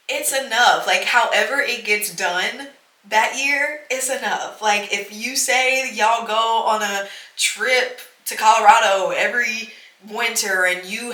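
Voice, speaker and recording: Speaking with bright, forceful energy at a medium pitch, a young podcast host shares a casual, heartfelt monologue. She sounds earnest and reassuring, leaning heavily on "like" and "you know," and her words echo around the room.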